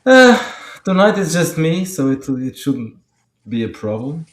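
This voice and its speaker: A man joining a tabletop game session over a remote call, speaking in hesitant, halting phrases. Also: a little high, sing-song, roomy sound. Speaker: player. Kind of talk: casual game chat.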